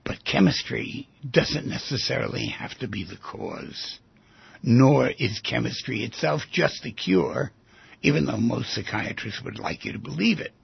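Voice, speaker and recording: A man's voice: medium pitch, expressive, a little slow, vocal fry, slightly rough, no echo. An older man hosting a reflective talk radio monologue, acting out dialogues with patients. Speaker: radio show host. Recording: dull lo-fi broadcast recording.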